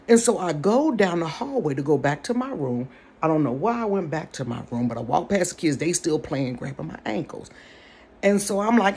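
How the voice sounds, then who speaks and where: A woman telling a story in a casual storytime vlog from her bedroom, animated and chatty, talking straight to her viewers. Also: medium pitch, a little fast, a little hiss or hum. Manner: animated, chatty, addresses the audience directly.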